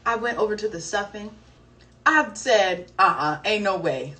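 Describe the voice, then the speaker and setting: A young woman from the American South telling a story in a casual, animated and dramatic way. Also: mid-range voice, unhurried. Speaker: singer on a livestream. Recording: distant mic, faint background noise.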